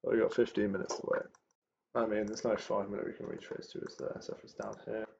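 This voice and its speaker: A man's voice: lowish voice, flat delivery, fast, vocal fry, a little mellow, breathy edge. A young man streaming his live trading, thinking aloud with muttered, chatty asides, in a dull lo-fi recording. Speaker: day trader streaming live.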